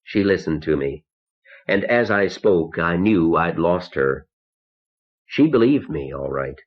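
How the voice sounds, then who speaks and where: Male audiobook narrator, deep, measured, somber first-person reading, lo-fi cassette sound. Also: lively intonation, husky. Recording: dull lo-fi cassette tape.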